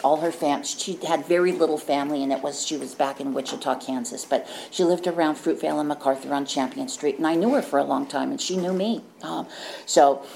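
Woman, recovery testimony, low voice, candid and rambling, keeps saying right, faint hiss behind. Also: brisk, gravelly, a little mellow. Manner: candid, rambling, frequent "right?" and self-corrections. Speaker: speaker sharing recovery story. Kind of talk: personal testimony at a recovery meeting.

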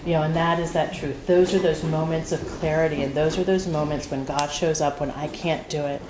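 In a noisy, echoing room, a woman with a low voice speaks a little fast in a fairly even tone. She is sharing her personal recovery story at a meeting, openly and emotionally, full of fillers and frequent swearing.

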